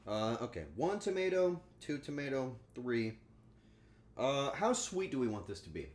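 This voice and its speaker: A man's voice: medium pitch, very animated, normal speed. A man streaming casually while cooking at home, joking crudely and talking back to his chat. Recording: echoey room with faint ambience.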